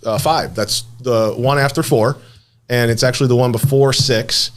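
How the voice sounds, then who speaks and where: A man's voice: mid-range voice, steady tone, normal speed. A man hosting a recovery podcast, joking and playful as he introduces his guests in casual chat. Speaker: podcast host.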